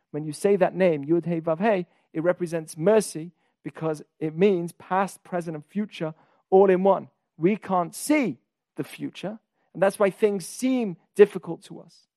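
A man's voice: high voice, a little mellow, no echo, clean studio sound. A man teaching a weekly Torah class on a podcast. He often puts questions to his listeners and leans hard on key words.

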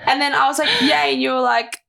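A woman's voice: high-pitched, fairly even intonation, quick pace, vocal fry, pushed and bright. A young woman co-hosting a podcast, chatting in a bubbly, giggly way with many fillers. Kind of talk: casual chat.

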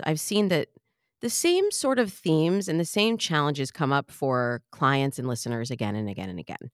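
A middle-aged woman, a dating coach, hosting her podcast in a bubbly, playful, animated way. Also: low voice, no room sound, clean studio sound. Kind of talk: podcast monologue.

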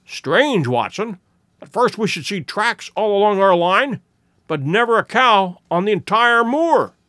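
A man voicing an eager, sharp male detective who makes brisk, emphatic deductions in an audiobook reading. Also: high voice, very animated, dry recording, studio quality, pitched above the performer's own voice, heavily acted. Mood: excited, insistent.

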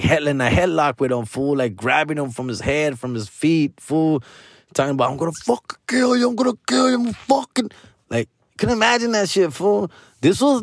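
A man's voice: medium pitch, no echo, studio quality. A man telling a personal story casually, full of slang and swearing, slipping into Spanish now and then. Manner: heavy slang, profane, switches into Spanish; earnest, pleading, repeats street address terms.

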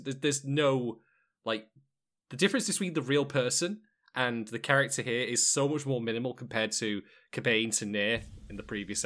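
Another casual podcast chat, this one hosted by a man whose mid-range voice is slightly bright. His style is rambling and wry, packed with jokes, filler words, and side comments.

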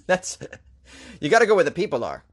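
A man's voice: high-pitched, wildly swooping pitch, normal speed, a bit bright, slightly rough. A man with a Boston accent, a comedian hosting a comic news show with wry, joking asides. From Boston area.

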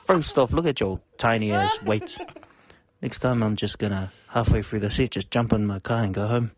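A man's voice: fairly low pitch, normal speed. A man co-hosting a show, delivering a rambling comic rant full of restarts. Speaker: podcast co-host.

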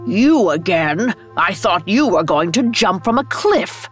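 Arrogant old king, scornful and loud, done by a woman narrator, slow storybook delivery. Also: lively intonation, husky, soft background music. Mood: mocking. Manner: scornful, booming laughter.

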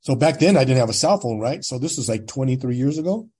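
Husky and fast, with a mid-range voice, a California man in his sixties tells his own story as a podcast guest. He's casual and plain-spoken, an animated storyteller who acts out what others said.

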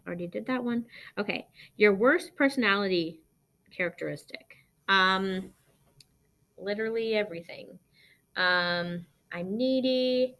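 A young woman podcast host from Arizona, chatting casually through listener questions, rambling with lots of ums and likes, blunt and profane. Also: medium pitch. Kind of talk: casual Q&A chat.

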